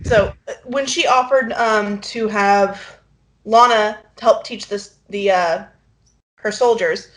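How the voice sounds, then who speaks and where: A woman's voice: mid-range voice, slow pace, low-quality recording. A woman player in a tabletop game, talking hesitantly with fillers. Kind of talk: casual table talk.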